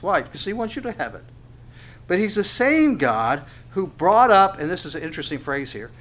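Working through a Bible passage in an expository sermon, a pastor with a slightly high, fairly bright voice asks rhetorical questions and builds emphasis. He often starts his phrases over.

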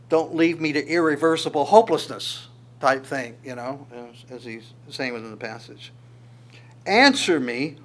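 A man preaching an expository sermon in a conversational, searching way, with quick asides. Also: mid-range voice.

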